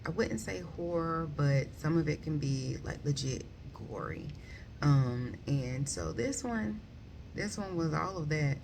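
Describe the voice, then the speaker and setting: A woman's voice: low voice, expressive, unhurried, vocal fry, background noise. A woman giving a casual, rambling book review full of ums and likes. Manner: rambling, many ums and likes, self-correcting.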